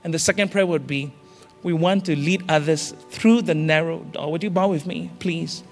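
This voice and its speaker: A man preaching with urgent, repeated exhortations, his voice pitched high for a man. His sermon rings through a large church hall with a long reverberant tail. Soft music drifts faintly underneath. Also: normal speed. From Singapore. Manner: urgent, repetitive exhortations with rising calls. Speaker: senior pastor. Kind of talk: impassioned sermon.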